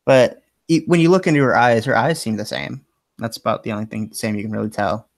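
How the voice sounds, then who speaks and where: A man's voice: lowish voice, steady tone, brisk, no echo. A man running a tabletop game as game master, narrating casually with lots of fillers.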